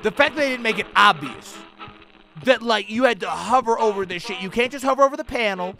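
A young man giving profane, slangy commentary on a horror game, yelling and cursing at jump scares. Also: high-pitched, animated, fairly quick, gravelly, over music. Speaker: gaming YouTuber. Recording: faint background noise.

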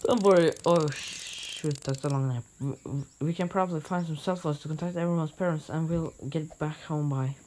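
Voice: mid-range voice, steady tone, normal speed, few pauses, a little mellow, slight background noise. A gaming YouTuber giving jumpy, exclaiming playthrough commentary, often startled and joking at himself. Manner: jumpy, exclaiming, self-mocking.

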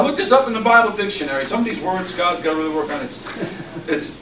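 A man preaching a sermon as a pastor, passionate, swinging between loud emphasis and hushed repetition. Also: sits high, sing-song, fast. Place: church hall. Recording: echoey room recorded from far off with background noise.

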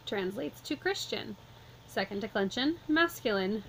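A woman walking through a vocabulary lesson, explaining calmly and methodically, step by step. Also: fairly high pitch, a little slow, slight background noise, low-quality recording. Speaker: Latin teacher.

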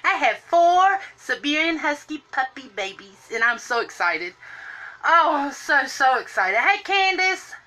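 A woman's voice: high-pitched, sing-song, a little slow, sharp tone. A woman, chatting on a live stream while doing her makeup and greeting viewers by name in a sing-song lilt. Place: home room, indoors.

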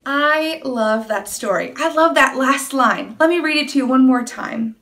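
Slow, gentle woman talking to children. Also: sits high. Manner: gentle, unhurried, addressing kids. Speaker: children's message leader. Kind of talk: children's message in a church service.

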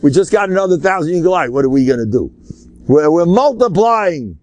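Emphatic older rabbi, high-pitched. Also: male voice, big pitch swings, a little fast, darkish tone, dry recording. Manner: emphatic, rambling, sprinkles Yiddish and Hebrew terms. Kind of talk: animated Torah lecture.

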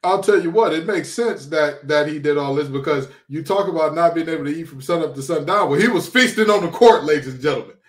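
A man co-hosting a sports podcast, talking with animated, playful energy and fired-up calls to the fans. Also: fairly high pitch, fast, hardly any pauses, roomy sound. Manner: animated, preacher-like exhortations, playful trash talk. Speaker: podcast co-host, former college football player. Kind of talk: excited sports podcast talk.

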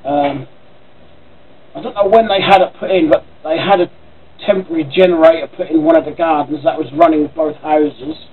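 A man's voice: fairly high pitch, steady tone, moderate pace, phone-quality sound. A man with a Norfolk accent rambling casually in a home vlog, chatty and swearing offhandedly. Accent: Norfolk English. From Norfolk, England. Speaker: vlogger. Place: at home by his computer.

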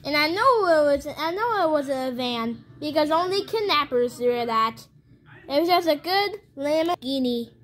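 A woman voices a small, naive, earnest baby toy in a homemade toy story, telling its tale in a rambling, halting way with many restarts. Her voice is high-pitched and a bit bright with lively intonation, and the mood is plain.

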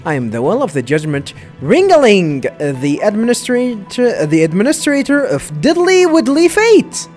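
A man's voice: sits high, very animated, normal speed, few pauses, darkish tone, faint music behind, voice pushed up. A man voicing a flamboyant male spirit who puts on a cutesy girlish act, talking in a gushing, coy, sing-song way.

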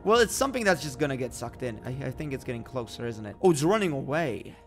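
A man's voice: medium pitch, sing-song, fast. A young man giving casual, joking commentary while playing a space simulation game, exclaiming often. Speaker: gaming YouTuber. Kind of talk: casual let's-play commentary. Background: faint background music.

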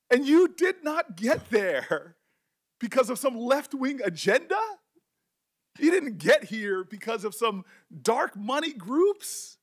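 Emotional, high-voiced man giving an impassioned speech. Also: lively intonation. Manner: emotional, impassioned, halting restarts. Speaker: senator. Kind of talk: speech at a hearing.

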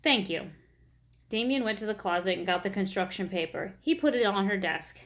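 A woman reading a children's story aloud in a gentle, expressive way. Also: mid-range voice, brisk.

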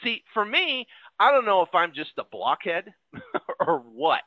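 Animated, bright-voiced American man coaching. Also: sits high, unhurried, no room sound, highs cut off. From United States. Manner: animated storytelling, acts out his own past fears. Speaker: real estate investing coach. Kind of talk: motivational sales pitch.

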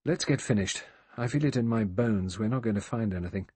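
A man voicing a stiff, defensive middle-aged doctor in an audiobook, brisk and clipped. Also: lowish voice, a little mellow, husky, no room sound. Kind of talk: audiobook character voice.

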